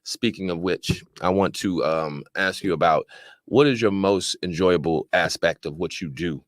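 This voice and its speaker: A man from Washington, D.C., hosting a casual podcast chat in a studio, talking loosely and giving shout-outs. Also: low-pitched, normal speed, no echo. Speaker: podcast host.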